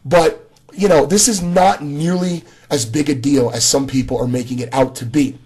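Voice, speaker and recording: A man's voice: on the high side, steady tone, normal speed, a little mellow, husky. A man giving a casual spoken video response, talking straight to another creator with frequent restarts. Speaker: gaming commentator.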